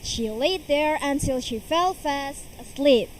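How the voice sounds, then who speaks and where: A woman's voice: high-pitched, a little hiss or hum, poor audio. A young woman, performing a fairy tale as a storytelling contestant at a school competition. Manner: slow, expressive storyteller's delivery.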